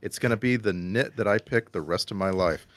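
A man's voice: lowish voice, fairly quick, no room sound. A man co-hosting a podcast, chatting casually and nitpicking fussily. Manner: fussy pedantic nitpicker. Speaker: podcast co-host. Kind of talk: casual chat.

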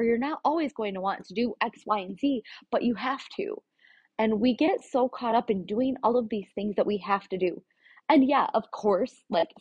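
A woman talks through a candid, confessional monologue in a frank, plain-spoken way, dropping the occasional swear word. Her voice is husky and a little breathy, sitting at an ordinary middle pitch. The recording sounds dull and lo-fi.

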